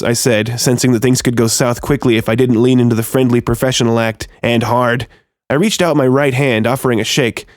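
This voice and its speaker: A man narrating a first-person horror story in a tense, steady storytelling manner. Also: medium pitch, brisk, no echo, clean studio sound.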